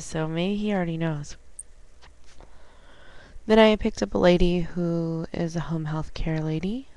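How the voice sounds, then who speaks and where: A woman vlogging at home on a webcam, chatting casually and retelling conversations with lively quoted dialogue. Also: fairly low pitch, a little slow, pauses often, dry recording. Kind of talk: casual storytelling.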